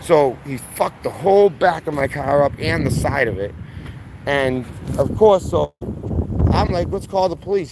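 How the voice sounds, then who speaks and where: A young man rants outdoors, swearing freely and circling back as his voice climbs with anger. His voice sits at an ordinary male pitch. Clear traffic and street noise runs behind him. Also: a little mellow. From Massachusetts, USA. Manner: heated, profane, rambling, voice rising when worked up. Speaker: vlogger. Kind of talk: angry storytelling rant. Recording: noisy outdoor street recording.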